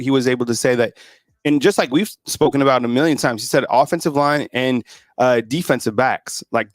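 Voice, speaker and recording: A man's voice: medium pitch, no room sound. Man rambling casually, dry close sound. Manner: rambling, many "like" fillers. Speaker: host of a college football channel. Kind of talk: casual sports talk.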